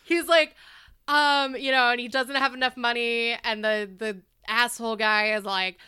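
Brief: high, bright-voiced woman, a podcast host, animated, profane, crisp and dry. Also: normal speed, dry recording. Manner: animated, swearing, acts out quotes. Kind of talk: casual podcast chat.

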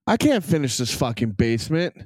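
A man's voice: medium pitch, big pitch swings, fairly quick, darkish tone, dry recording, studio quality. A man co-hosting a casual sports podcast, blunt and argumentative, swearing freely as he talks. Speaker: podcast co-host. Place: basement at home.

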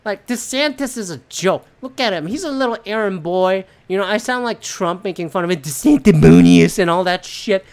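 Alone on her podcast, a female host delivers a blunt, profane political rant, full of fillers and restarts as she rambles. Her medium-pitched voice has lively intonation and a normal speed, with hardly any pauses.

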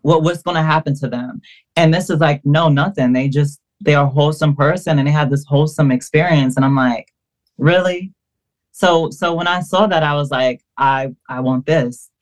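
A woman guest on a podcast, telling a personal story in a casual, animated way, acting out quoted dialogue and using lots of fillers. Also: low-pitched, fairly quick.

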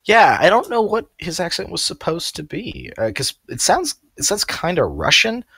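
A man's voice: sits high, big pitch swings, moderate pace, gravelly, fairly bright tone, breathy edge, dry recording. A man co-hosting a casual podcast chat, rambling with lots of fillers and frequent laughs. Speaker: podcast co-host.

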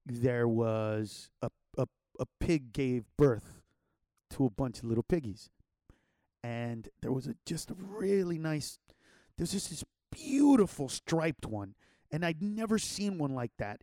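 A man's voice: a little high, darkish tone, dry recording, studio quality. A man telling a childhood story in a loose, rambling way, with slang and many restarts. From Los Angeles area. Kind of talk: casual personal storytelling.

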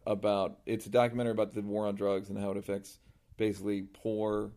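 A man's voice: fairly low pitch, little pitch movement, fast talker, warm tone. A man hosting a podcast in casual chat, rambling and digressive with plenty of swearing. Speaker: podcast host.

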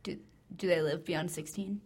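A woman's voice: fairly low pitch, steady tone, normal speed, darkish tone, slightly rough. A young woman co-hosting a podcast in casual chat, talking in a dry, matter-of-fact way and often mumbling. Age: young adult. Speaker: podcast co-host.

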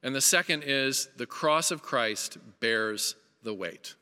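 A man's voice: medium pitch, takes it slowly, sharp tone, clear, resonant tone. A man preaching a sermon as pastor, earnest and emphatic, repeating phrases for weight and restarting lines as he builds a point. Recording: reverberant hall.

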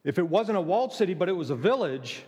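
A man preaching a sermon, emphatic, with dramatic pauses and acted-out quotes. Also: high voice, animated, a little mellow, long reverb tail.

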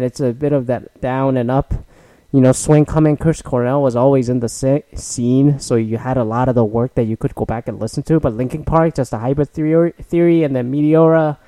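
A man's voice: medium pitch, dark tone, no room sound. A man in his thirties, a podcast host, delivering a rambling, profane, exasperated solo rant.

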